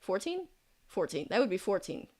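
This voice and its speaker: Woman game master, chatty, rambling, laughs often, middle pitch. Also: sing-song, normal speed, mellow. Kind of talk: narrating a tabletop game.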